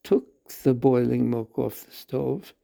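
Man, devotional story reading, gravelly voice, dark tone, measured with pauses. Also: medium pitch, steady tone. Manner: measured, with slow pauses and self-corrections.

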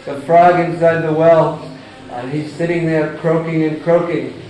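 A man giving a deliberate scripture lecture who chants Sanskrit verses and explains them with examples. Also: on the high side, steady tone, a little mellow. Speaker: religious lecturer. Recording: echoey hall, distant mic, faint noise.

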